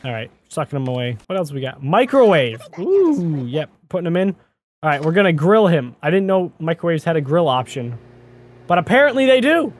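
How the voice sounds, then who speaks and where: A man hosting a gaming video, giving excitable let's play commentary and talking to the game character as he plays. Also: fairly high pitch, a little fast. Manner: excitable, talks to the game character, often exclaims. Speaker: gaming channel host.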